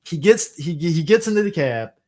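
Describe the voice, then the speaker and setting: A man with a somewhat high voice co-hosts a podcast and gets excitable as he chats. He retells movie scenes and swears freely. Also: normal speed. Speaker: podcast co-host. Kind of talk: casual chat.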